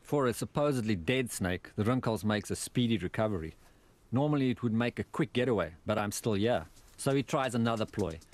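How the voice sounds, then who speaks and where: A man giving scripted voice-over narration for a documentary in a measured, matter-of-fact way. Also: fairly low pitch, expressive.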